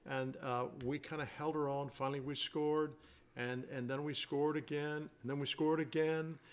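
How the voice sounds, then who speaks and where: A man's voice: on the high side, fairly even intonation, moderate pace, smooth. An older man, a basketball coach, chatting casually as a show co-host and telling long stories while he searches for words. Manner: rambling storyteller, searches for words. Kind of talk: casual podcast chat.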